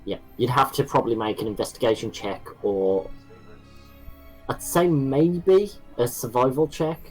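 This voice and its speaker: A man's voice: mid-range voice, measured pace, a little mellow, husky, faint music behind, rough recording. A man from the running a tabletop game as game master, describing scenes and rulings step by step over an online call. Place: home, online session.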